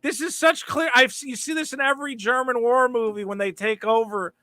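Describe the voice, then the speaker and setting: A man hosting a casual comedic podcast, loud, mocking and swearing a lot. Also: very high-pitched, fairly quick, no room sound. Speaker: podcast host.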